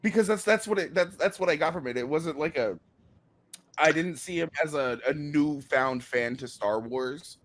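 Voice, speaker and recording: Male co-host, high-ish voice, excitable and stammering, casual chat. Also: normal speed. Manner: excitable, stammering restarts, gets loud when worked up.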